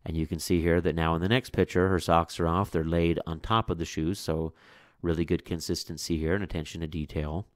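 A man with a low voice reads a picture book aloud and stops for chatty, casual commentary. The recording is dry and close, with no room sound. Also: level tone, a little fast, no echo. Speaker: book reviewer and reader.

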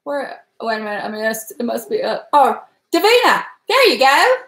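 A chatty woman with a Southern American accent hosts a casual home cooking stream. Her voice sits high, and her talk is easygoing and quick to laugh as she greets viewers one by one. The room around her is echoey. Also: sing-song, a bit bright. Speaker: cooking channel host.

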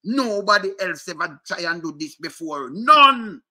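A middle-aged man with a strong Jamaican accent delivers a heated rant, slipping between Patois and English. His voice sits high and rings sharp and tense. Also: moderate pace. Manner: animated, repetitive, mixes Patois and English. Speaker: commentator.

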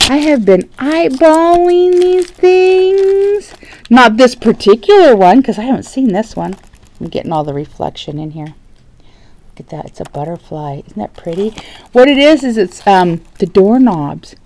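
A woman's voice: medium pitch, expressive, moderate pace, low-quality recording. A woman opening craft gift packages on camera in a casual vlog, gasping and gushing, sometimes dropping to a whisper. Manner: gushing, gasping, often drops to a hushed whisper. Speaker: crafting vlogger. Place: home, at a dining table.

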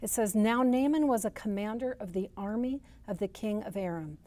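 A woman gives a teaching at church, mid-pitched and mellow in tone. She tells a scripture story in her own words and puts real force into the thoughts she quotes. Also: moderate pace. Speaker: marriage and family therapist teaching at church.

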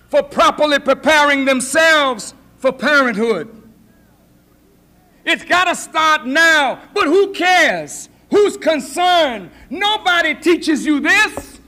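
High, bright-voiced preaching man. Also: expressive, slow pace. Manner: preaching, shouting emphasis, mimicking voices. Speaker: minister. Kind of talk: sermon lecture. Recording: 1980s lecture hall recording.

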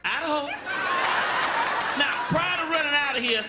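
A man doing a live stand-up set, loud and animated, repeating his punchlines and phrases for effect. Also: high voice, normal speed, heavy background noise. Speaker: stand-up comedian. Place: comedy stage with live audience.

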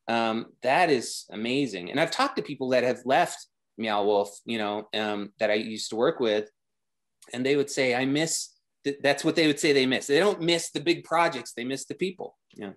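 A man talking as a guest designer in a casual interview, rambling with many restarts and growing enthusiastic. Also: medium pitch.

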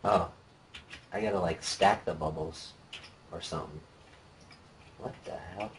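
Low-voiced guy playing a game with a friend, dry jokey comments, little bit of hiss. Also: a little slow. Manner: dry, joking, laid-back. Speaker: let's play co-host. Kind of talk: casual gameplay chat.

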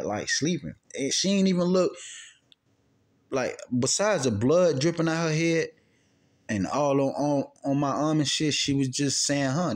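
Profane man telling a story. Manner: profane, rambling, swings from loud outbursts to low quiet recounting. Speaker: channel host answering questions. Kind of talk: casual storytelling monologue.

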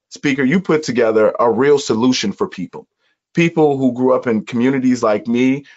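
A man from Chicago, a podcast guest, telling his life story in an earnest, measured way during an interview. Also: medium pitch. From Chicago, USA. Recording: dull lo-fi audio.

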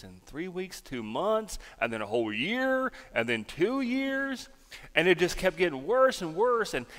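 Pastor, folksy storytelling, lively bright voice, big church echo. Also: male voice, a little high. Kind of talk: children's sermon and prayer. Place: church sanctuary. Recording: reverberant church sanctuary.

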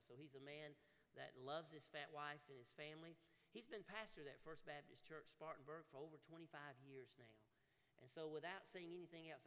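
A man with a Southern American accent hosts a church service and talks in a folksy, effusive way, sprinkling in amens. His voice is bright and forceful and sits a little high. It carries through a large sanctuary with a long reverb tail. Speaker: host pastor. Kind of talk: church service announcements and speaker introduction.

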